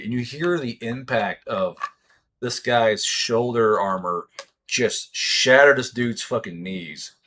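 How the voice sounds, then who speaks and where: A man's voice: mid-range voice, fairly bright tone. Profane male game master narrating. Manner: profane, rambling descriptions with many fillers.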